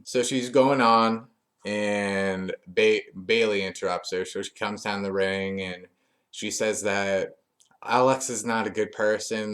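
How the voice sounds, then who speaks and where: Brief: male reviewer, low-pitched, conversational recap, relaxed and unscripted. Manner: chatty, loose, with frequent fillers and restarts. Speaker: wrestling show reviewer. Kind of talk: casual recap commentary.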